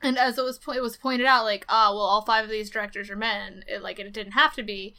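A woman's voice: medium pitch, steady tone, brisk, bright, forceful tone. A young woman chatting casually on a podcast, full of "like" fillers as she retells events. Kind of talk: casual chat.

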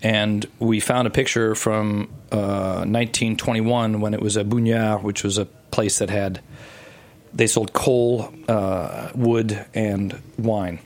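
A man's voice: lowish voice, steady tone, takes it slowly. A middle-aged man telling a long story as a guest in a casual interview, rambling with many fillers and restarts.

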